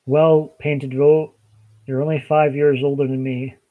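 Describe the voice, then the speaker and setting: A man's voice: on the high side, little pitch movement, a little slow, phone-quality sound. Scottish man chatting with his live viewers. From Scotland. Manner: chatty, greets viewers and answers comments. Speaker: live stream host. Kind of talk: casual chat reading viewer comments.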